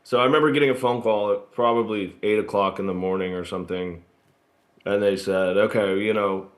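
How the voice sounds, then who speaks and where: A man born in Australia and raised in Texas, telling stories as a guest in a casual interview, relaxed and rambling with fillers. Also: on the low side, brisk. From born in Australia, grew up in Texas. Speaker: guest actor. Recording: roomy echo.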